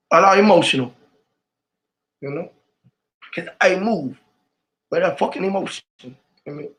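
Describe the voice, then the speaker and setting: A man with a high voice rambles through an emotional vlog monologue. He swears freely and swings between loud, shouted bursts and low, muttered asides. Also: normal speed, long pauses. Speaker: vlogger.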